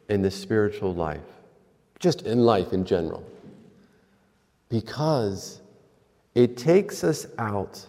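A man preaching a sermon in a church, telling stories slowly with pauses. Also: fairly low pitch, warm tone. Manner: slow, storytelling with pauses. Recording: long hall reverb.

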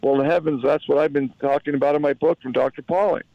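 A man pitching a product over a call, halting and repeating himself as he talks. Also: fairly even intonation, dry recording, dull audio. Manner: halting, repeats words, salesy. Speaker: product promoter. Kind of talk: phone call.

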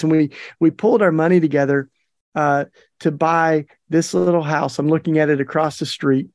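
A man's voice: a little high, gravelly, no echo, studio quality. A middle-aged man hosting a podcast, telling a story in a chatty, folksy way with plenty of fillers. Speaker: podcast host. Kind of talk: casual storytelling monologue.

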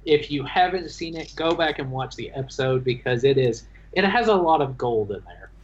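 A man, the dungeon master, chatting about his tabletop game session in a halting, restarting way. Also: mid-range voice, expressive. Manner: halting, stumbling restarts, laughs while telling. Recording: dull lo-fi sound.

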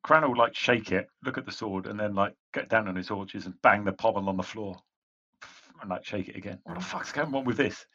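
A man's voice: fairly low pitch, fairly even intonation, a little fast, bright, forceful tone. A man playing a tabletop game, speaking casually and rambling with fillers. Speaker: player. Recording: dull lo-fi sound.

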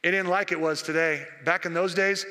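A man's voice: high voice, fairly even intonation, fairly quick, pushed and bright, in a large hall. A man in his sixties voicing King David as a grown man, murmuring wistfully under his breath as he remembers the past.

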